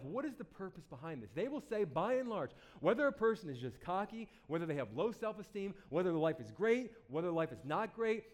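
A man preaching a sermon to a congregation, animated and playful, acting out the people he quotes and repeating words as he starts a thought. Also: a little high. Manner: animated, acts out quoted voices. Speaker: pastor.

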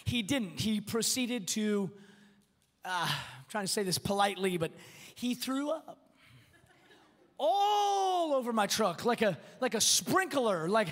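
A man's voice: high-pitched, big pitch swings, takes it slowly, a bit bright. A man preaching as a pastor, telling a personal story with self-deprecating humor and often repeating words as he restarts sentences. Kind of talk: sermon. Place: church auditorium. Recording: long reverb in a large church hall.

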